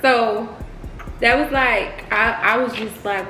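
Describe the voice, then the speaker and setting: A woman's voice: a little high, animated, moderate pace, over music. A young woman, chatting casually and playfully while hosting a mukbang. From Texas, United States. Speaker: co-host of a couples channel. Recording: echoey room with faint hum.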